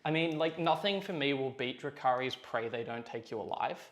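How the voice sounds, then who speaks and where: A man's voice: medium pitch, normal speed, a bit bright. A man playing a tabletop wargame and joking with friends in casual chat. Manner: joking, playful banter. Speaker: wargaming player and host.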